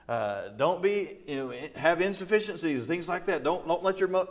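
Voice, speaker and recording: A man's voice: on the high side, moderate pace, hardly any pauses. A middle-aged man, a pastor, teaching a casual Bible study with humor, often laughing and acting out quoted voices.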